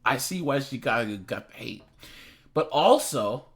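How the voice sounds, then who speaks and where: A man's voice: mid-range voice, expressive, a little slow, creaky, slightly rough. A man hosting a reaction channel, chatting casually and rambling, repeating words and laughing often.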